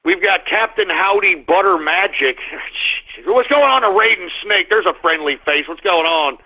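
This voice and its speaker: A man's voice: high-pitched, normal speed. A man hosting a live radio show, griping and blustering at his listeners. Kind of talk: live call-in radio rant. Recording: tinny phone-like sound.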